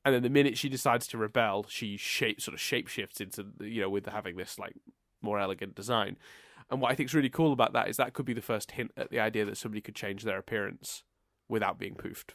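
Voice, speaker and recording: A man's voice: fairly low pitch, fast talker, fairly bright tone, no room sound. Guy from england w hay fever, kinda stuffy, rambles and restarts a lot, dry mic. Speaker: podcast host. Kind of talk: casual podcast chat.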